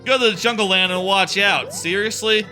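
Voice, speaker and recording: A man's voice: sits high, normal speed, sharp tone, faint music behind. A man streaming a video game live, chatting casually and answering his viewers' questions as he plays. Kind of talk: casual live-stream chat while gaming.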